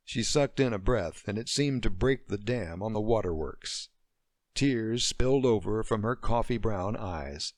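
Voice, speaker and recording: A man narrating a romance novel as an audiobook, reading slowly and expressively. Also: lowish voice, expressive, no room sound, clean studio sound. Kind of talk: scripted narration.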